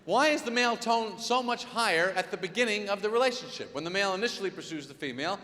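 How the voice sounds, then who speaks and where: A man performing a live stand-up routine in a large concert hall, with exasperated, incredulous observations and quick voice impressions. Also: high-pitched, expressive, bright, forceful tone, a little hiss or hum. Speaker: stand-up comedian. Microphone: soundboard feed from a stage mic. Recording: live hall board recording with faint reverb.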